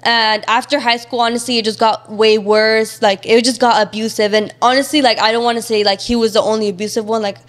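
A woman's voice: a little high, level tone, brisk, hardly any pauses. A young woman speaking candidly as a guest in a casual interview, talking openly with many fillers. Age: young adult. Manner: casual and open, many fillers, near tears at times.

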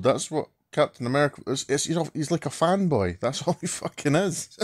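A man's voice: on the high side, expressive, normal speed, dry recording, studio quality. A man in a casual rant to camera, mocking and swearing a lot, laughing through his words. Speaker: vlogger.

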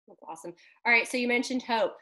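A woman hosting a casual interview, asking loose, relaxed questions. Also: on the high side, quick pace, low-quality recording. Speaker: interviewer, host.

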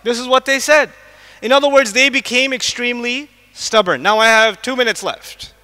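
A man's voice: extremely high pitch, moderate pace, sharp tone, smooth. A man giving a lecture to a live audience in a large mosque hall, quizzing the listeners with repeated questions. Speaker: Islamic lecturer. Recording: long echo of a mosque hall.

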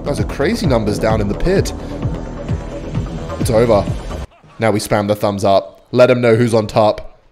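Excitable man doing mock play-by-play. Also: lowish voice, brisk, soft background music. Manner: excitable, mock-sportscaster, teasing. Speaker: gaming video creator. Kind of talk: joking play-by-play game commentary.

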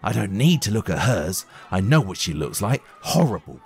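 A man's voice: on the low side, sing-song, normal speed, vocal fry, darkish tone. A man voicing a sulky, rude schoolboy in a storybook reading. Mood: sneering. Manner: sulky, hissing.

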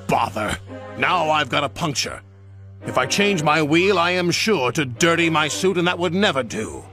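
A man's voice: fairly high pitch, animated, moderate pace, pushed and bright, faint music behind, pitched above the performer's own voice. A man voicing a fussy, proper middle-aged railway boss with a prim, easily exasperated manner.

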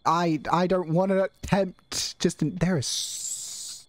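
A gaming channel host giving excitable, jokey commentary while playing a horror game. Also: medium pitch, takes it slowly, no echo. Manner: excitable, jokey, reacts out loud. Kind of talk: let's-play commentary. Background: game music.

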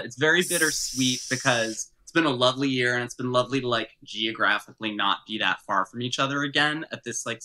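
Bright-voiced young man telling stories. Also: medium pitch, rough recording. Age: young adult. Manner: expressive storyteller, swings between hushed asides and loud laughter. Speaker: podcast guest. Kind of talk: casual chat.

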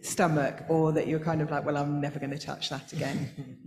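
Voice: medium pitch, little pitch movement, moderate pace, vocal fry. An audience member politely asking a guest a question at a live talk. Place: large hall at a book festival. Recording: echoey hall, faint noise.

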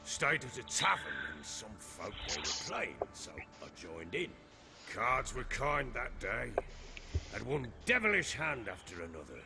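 A man's voice: fairly low pitch, noisy background. An actor playing a boastful middle-aged warlord baron in a video game, blustery and coarse as he tells his stories. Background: game music.

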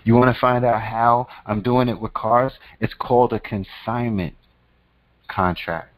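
A man talks straight to his audience in a slangy, emphatic street style, repeating his points and swearing freely. His voice sits in an ordinary middle pitch. The sound is close and dry, with no room around it. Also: fairly even intonation, a little slow, no room sound, rough recording. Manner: slangy, emphatic street talk that calls the listener "son"; profane, repetitive and preachy. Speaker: host. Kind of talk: casual advice monologue.

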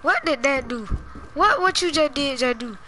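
This is a woman, trash-talking through a casual gaming session. Her voice sits high and sounds bright and forward. She teases her opponent relentlessly and breaks into sing-song chants. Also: expressive, normal speed, a little hiss or hum.

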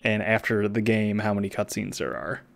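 A man's voice: on the low side, moderate pace, gravelly, no echo, studio quality. A man hosting a game stream, chatting casually and rambling with fillers as he wraps up the session. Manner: relaxed, rambling, with frequent fillers and laughs. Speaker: streamer host. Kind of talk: casual stream sign-off chat.

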